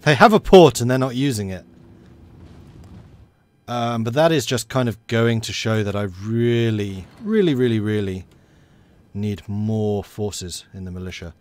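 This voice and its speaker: A man's voice: on the low side, animated, measured pace, a little mellow. A man giving casual, wry commentary while playing a strategy game and chatting to his units. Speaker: let's play commentator.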